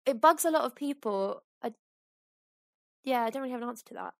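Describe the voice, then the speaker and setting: A woman co-hosting a casual podcast discussion, telling her own experiences in an animated, chatty way. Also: on the high side, a little fast, no echo, clean studio sound. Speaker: teacher podcast co-host.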